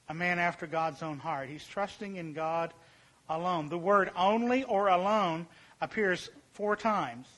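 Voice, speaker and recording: A male preacher with a notably high, bright voice delivers a sermon. He presses his points by repeating key words and slowing down. His voice often sinks to a quiet hush at the end of a thought. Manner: emphatic, repeats key phrases, slows and drops to a hush for emphasis.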